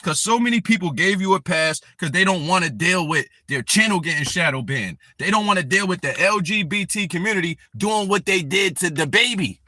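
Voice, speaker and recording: High, bright-voiced man ranting. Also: animated, a little fast, hardly any pauses, no room sound, studio quality. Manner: angry ranting, addresses his target directly. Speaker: live stream host. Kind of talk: heated live stream commentary.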